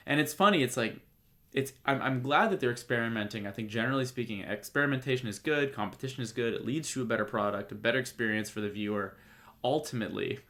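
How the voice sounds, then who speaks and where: A man's voice: mid-range voice, quick pace, fairly bright tone. A man hosting a podcast, talking casually and jokily, full of fillers and restarts. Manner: rambling, jokey, many fillers and restarts. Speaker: podcast host. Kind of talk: casual solo commentary.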